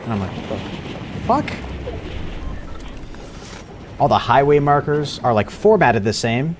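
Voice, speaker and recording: Joking man with a lively voice. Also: mid-range voice, fairly quick, slight background noise. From United States. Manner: joking, crude, laughs a lot, teases chat. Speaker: streamer. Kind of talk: live gameplay commentary.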